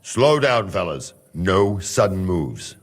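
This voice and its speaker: An actor playing a cautious male guard from Hungary in a game cutscene, measured and calculating. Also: low voice, sing-song, exaggerated voice.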